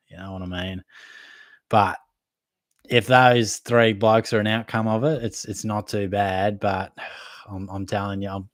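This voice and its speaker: This fantasy football podcast host, a man with an Australian accent and a fairly low voice, runs a live Q&A, reading viewer questions aloud and answering them. He's casual, matey and conversational, with plenty of hedging fillers, and the recording is dry.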